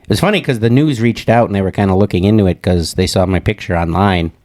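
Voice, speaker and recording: A man's voice: deep voice, quick pace, a little mellow. A man co-hosting a casual comedy podcast, telling a rambling story and acting out the voices of the people in it. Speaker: podcast co-host.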